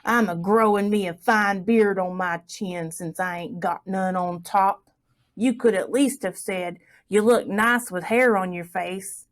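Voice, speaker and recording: A woman's voice: mid-range voice, steady tone, unhurried, lightly acted. Storybook: woman reads a cranky bald bearded country fella scolding in a folksy drawl.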